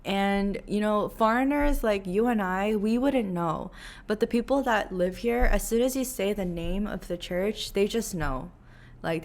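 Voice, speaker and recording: A young woman vlogs in a loose, chatty way, full of fillers and "like". Her voice sits at an ordinary middle pitch for a woman. She keeps acting out little quotes as she tells her story. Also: gravelly. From New York, USA. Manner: chatty, animated, lots of fillers and acted quotes. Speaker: vlogger. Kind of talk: casual storytelling vlog.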